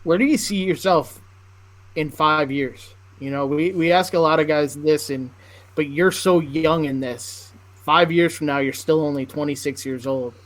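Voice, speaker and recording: A man hosting a casual interview, asking questions in a relaxed, conversational way. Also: fairly high pitch, a little slow, rough recording. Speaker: podcast host.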